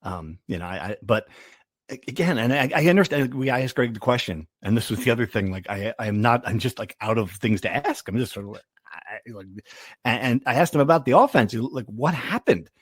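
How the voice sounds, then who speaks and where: A man's voice: medium pitch, animated, fairly quick, breathy edge, no echo, studio quality. Rambling male podcast host. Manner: rambling, self-interrupting storyteller. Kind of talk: casual sports podcast chat.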